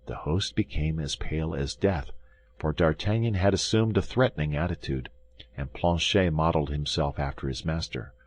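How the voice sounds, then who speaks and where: A man narrating an audiobook of a classic novel in a measured, dramatic way. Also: extremely low pitch.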